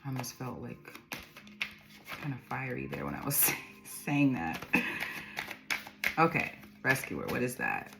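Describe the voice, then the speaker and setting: A woman's voice: a bass voice, big pitch swings, a little slow, vocal fry, long pauses, music in the background. A woman giving an intuitive tarot reading, rambling through the cards, reading their meanings aloud and laughing often. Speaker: tarot reader.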